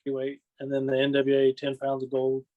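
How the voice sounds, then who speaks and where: A man's voice: medium pitch, monotone, brisk, narrow, tinny audio. A man guesting on a podcast, rambling through stories in casual chat, often adding "you know what I mean" and laughing. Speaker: podcast guest, wrestling fan.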